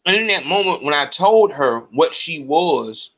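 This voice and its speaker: A man's voice: a little high, expressive, a little slow, dull audio. A podcast host, a man, venting in an agitated, profane rant to his audience. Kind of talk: ranting monologue.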